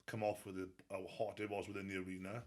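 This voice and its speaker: Welsh guy, deep-ish voice, talks quick, swears a lot and laughs mid-story. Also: flat delivery. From Wales. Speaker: guest strongman athlete. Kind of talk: casual interview chat.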